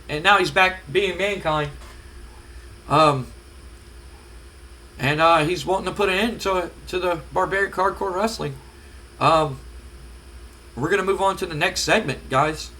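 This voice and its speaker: A man's voice: on the high side, bright, forceful tone. A man hosting a casual let's-play commentary on a wrestling sim game, hesitant with many fillers. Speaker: gaming channel host.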